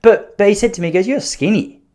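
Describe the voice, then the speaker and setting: A man's voice: high-pitched, rapid-fire, darkish tone, clear, resonant tone. A young adult man, hosting a casual solo podcast from a spare room at home and rambling through self-mocking stories full of restarts. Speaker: podcast host.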